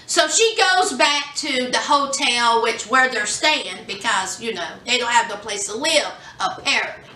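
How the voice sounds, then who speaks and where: A woman's voice: fairly high pitch, measured pace, hardly any pauses. A woman recapping a reality show in casual, sassy chat, acting out the quotes. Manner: animated, sassy, acts out quotes. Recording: echoey room, distant from mic.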